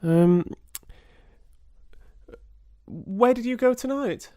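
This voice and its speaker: A man reading the part of an uneasy, distracted young woman, voicing her much higher and louder than his narration. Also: lively intonation, extremely slow, no room sound, clean studio sound.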